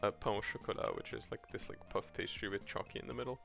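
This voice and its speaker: Quick-paced and fairly even in intonation, this man has a fairly low, vocal-fry voice with a fairly bright tone. He's casually chatting with viewers while streaming a cozy farming game at home, laughing, reacting to chat and restarting often over faint game music.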